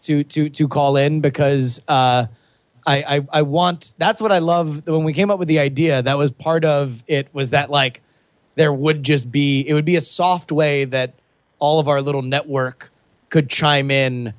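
Excited rambling man, dry close sound. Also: a little high, a little slow, no room sound. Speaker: podcast co-host. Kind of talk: casual chat.

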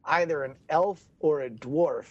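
A man doing comedic improv, firing off jokey questions in quick banter. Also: on the high side, highs cut off. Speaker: improv player.

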